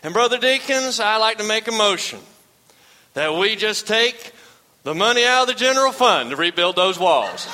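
A man voicing a wise elderly male deacon, speaking in a slow, deliberate, deadpan way. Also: sits high, big-room sound, a little hiss or hum, pitched above the performer's own voice, rough recording.

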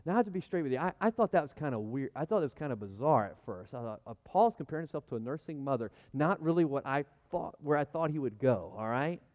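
A man in his thirties preaching a sermon in a conversational, animated way, often repeating his words. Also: on the high side, fast talker, hardly any pauses. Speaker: pastor. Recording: muffled lo-fi sound.

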